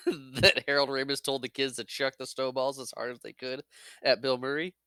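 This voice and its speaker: A man joins the movie chat with quick reactions and bits of trivia, laughing often. His voice is bright and clear at a middle pitch, recorded dry and close. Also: fairly even intonation, no echo. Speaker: podcast co-host.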